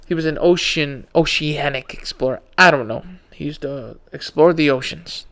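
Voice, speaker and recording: A man's voice: a little high, normal speed, a bit bright. A tired man hosting a podcast alone, rambling in casual slang about conspiracy theories, yawning as he talks. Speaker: podcast host.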